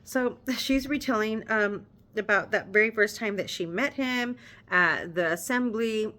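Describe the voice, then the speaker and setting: A woman's voice: mid-range voice, a little slow, bright, forceful tone. Chatty woman teacher explaining a novel. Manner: chatty, paraphrases in modern slang with many "you know"s. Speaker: teacher reading a novel aloud. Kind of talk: reading aloud with casual commentary.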